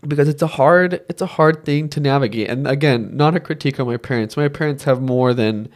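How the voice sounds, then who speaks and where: A man's voice: medium pitch, brisk. Male podcast co-host, casual film review chat, earnest, emotional, meandering. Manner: earnest, emotional, rambling with many fillers.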